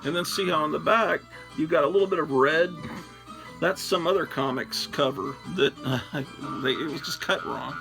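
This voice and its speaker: Rambling older man with gravelly voice. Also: fairly high pitch, moderate pace, rough recording. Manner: rambling, chatty, self-deprecating. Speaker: host. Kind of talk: casual solo chat while sorting comics. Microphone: phone. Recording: music clearly playing behind. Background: music.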